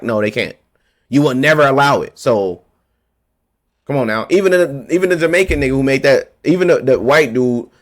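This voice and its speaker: A man ranting to camera about politics, heated and confrontational, hammering his points by repeating them in blunt street slang. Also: mid-range voice. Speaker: vlogger.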